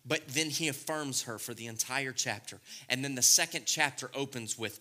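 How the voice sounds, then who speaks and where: Preaching in a medium-pitched voice, this middle-aged man moves fairly quickly with few pauses. His sermon alternates between loud excitement and quiet, intimate passages.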